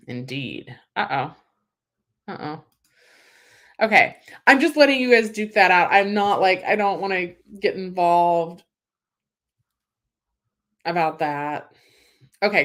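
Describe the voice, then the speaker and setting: A woman's voice: deep voice, fairly bright tone. A young woman from California hosting a casual livestream, reading viewer comments and chatting with lots of "like" and "um" fillers. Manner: chatty, emotional, many "like" and "um" fillers.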